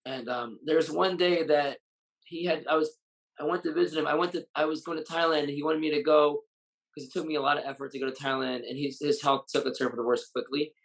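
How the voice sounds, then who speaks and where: A man's voice: fairly high pitch, fairly even intonation, quick pace, low-quality recording. A Muay Thai fighter and coach, a man, speaking bluntly and with raw emotion in a candid interview, swearing freely. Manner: blunt, heavily profane, openly emotional.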